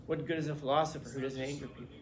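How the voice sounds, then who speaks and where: A male teacher giving a classroom philosophy lecture, animated and conversational, firing off rhetorical questions to his students. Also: mid-range voice, racing, crowd noise.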